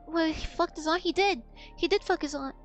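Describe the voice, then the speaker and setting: A woman's voice: very high-pitched, fairly quick, faint music behind. A woman streamer telling a story in a blunt, profane, rambling way. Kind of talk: casual storytelling on a gaming stream.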